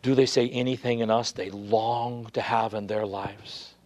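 A man preaching a sermon with earnest emphasis, his voice rising loud and high at key points before falling to a hush. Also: steady tone, unhurried, slight background noise. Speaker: pastor.

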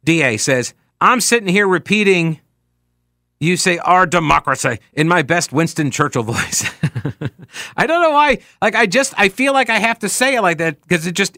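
A man's voice: high voice, big pitch swings, moderate pace, sharp tone, no echo, studio quality. A man hosting a political talk show, speaking casually and sarcastically while reading listener tweets aloud with frequent asides.

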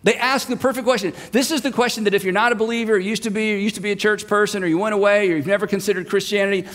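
Male pastor, high voice, animated sermon storytelling, long hall reverb. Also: racing.

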